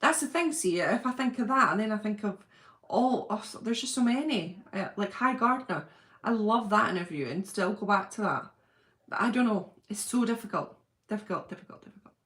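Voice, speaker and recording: A woman's voice: medium pitch, lively intonation, a little fast, a bit bright. A woman hosting a casual livestream from home, reading out viewer comments in a gushing, chatty way with plenty of fillers. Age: adult with a husband and school-age children. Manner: chatty, gushing, thinks aloud with many fillers. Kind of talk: casual live-chat.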